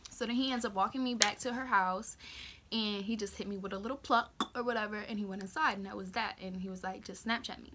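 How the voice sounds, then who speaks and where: A woman's voice: medium pitch, steady tone, quick pace, noisy background. A teenage girl vlogger telling a story in casual slang, acting out what people said.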